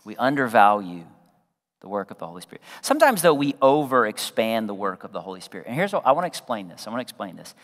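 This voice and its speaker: A man preaching a sermon as pastor, talking conversationally to the congregation, throwing in asides and acting out quotes, sometimes dropping to a soft hush. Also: on the low side, very animated, fast talker, long reverb tail. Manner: drops to a soft, hushed voice for quoted prayerful words.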